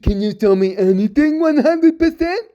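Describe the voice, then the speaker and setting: A woman's voice: high voice, animated, normal speed, dark tone, highs cut off. A woman cutting in with sarcastic, mock-dim interjections.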